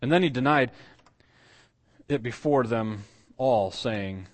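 A man's voice: mid-range voice, takes it slowly, long pauses. A man preaching a sermon as pastor, telling the story with acted quotes, asides and frequent fillers.

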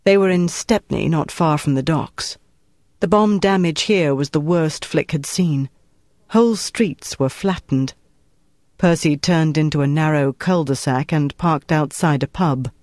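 An audiobook narrator reads scripted narration from a novel in a measured, even manner at a medium pitch. The recording is studio quality with no echo.

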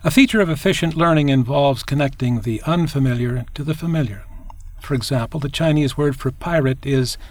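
A man narrating a scripted language lesson, explaining clearly and demonstrating tones. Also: mid-range voice, a little fast.

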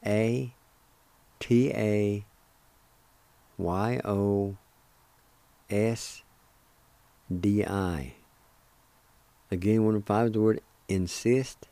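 A man teaching a language lesson on the radio, spelling out and pronouncing words syllable by syllable in a slow, deliberate way. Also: lowish voice, steady tone, mellow, no echo.

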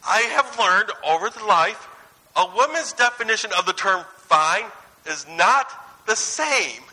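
Male preacher, 30s, high and very bright voice, chatty anecdotal sermon delivery. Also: measured pace, poor audio. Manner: conversational, anecdotal, swings between lively and hushed.

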